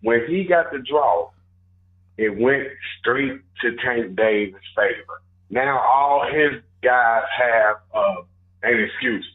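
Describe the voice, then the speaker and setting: A man co-hosting casual sports talk, joking and exaggerating in an animated way. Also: medium pitch, slow pace, narrow, tinny audio. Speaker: co-host.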